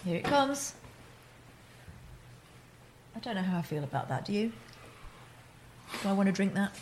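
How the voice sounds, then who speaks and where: A woman from the United States co-hosting a casual home livestream from a kitchen, wry and quick to laugh. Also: mid-range voice, big pitch swings, a little mellow. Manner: wry, laughs often, teasing. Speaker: co-host. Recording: clear background noise.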